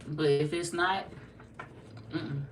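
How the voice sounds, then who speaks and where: This tarot livestream host is a young woman with a St. Louis accent and a low voice, speaking slowly in a steady tone. She chats casually with viewers, loose and joking with some profanity, in a roomy, distant recording with light noise.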